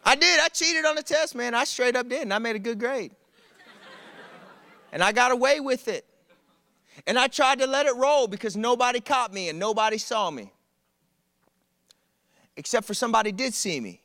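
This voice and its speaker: A man preaches to a college crowd, telling his own stories with humor and energy. His voice sits high and bright. The sound is close and dry. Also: normal speed, pauses often, no echo. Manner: animated, conversational storytelling with humor. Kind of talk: sermon. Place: church service.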